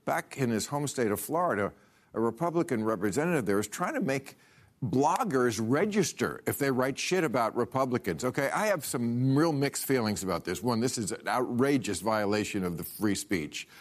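A man's voice: mid-range voice, lively intonation, moderate pace. An older man as a talk show host, delivering a sardonic stand-up monologue in a studio. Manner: sardonic, punchy joke delivery. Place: TV studio with live audience. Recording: loud crowd laughter and applause.

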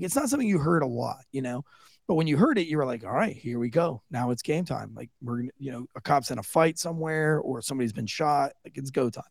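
A man's voice: on the high side, creaky, no echo, studio quality. A man, a former police officer, casually telling stories as a podcast guest, swearing freely and loaded with fillers. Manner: loose, profane, filler-heavy. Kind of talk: casual storytelling. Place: studio.

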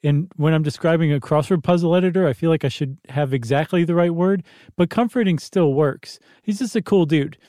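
A man's voice: on the high side, fairly quick, warm tone, dry recording, studio quality. A man co-hosting a podcast, chatting casually in a playful, joking way. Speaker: podcast co-host. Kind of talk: casual chat.

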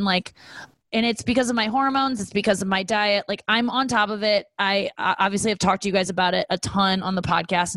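A young woman co-hosting a podcast in casual chat, telling stories and acting out quotes in a high voice. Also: dry recording. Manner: animated storyteller, acts out quotes in a high voice. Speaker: podcast co-host.

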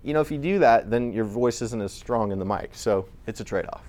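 A man's voice: mid-range voice, brisk, a little mellow. Male presenter, mid-range voice, casual conversational lecture delivery. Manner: chatty, conversational, with frequent restarts.

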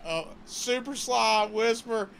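A man's voice: very high-pitched, slow pace, vocal fry, a bit bright, a little hiss or hum. A man co-hosting a podcast, tossing in short reactions and chuckling remarks while watching a wrestling match. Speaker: podcast co-host.

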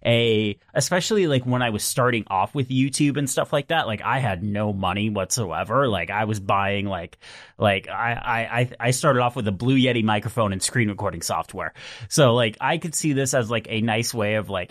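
A man's voice: on the low side, normal speed, fairly bright tone, no room sound, clean studio sound. A young man, a guest on a podcast panel, rambling casually with lots of "like" fillers. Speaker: podcast guest, YouTube creator.

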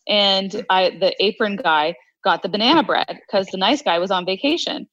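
A woman's voice: mid-range voice, moderate pace, a bit bright, dry recording, muffled recording. A woman co-hosting a podcast who tells stories in a wry, laughing way. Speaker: podcast co-host. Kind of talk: casual storytelling chat.

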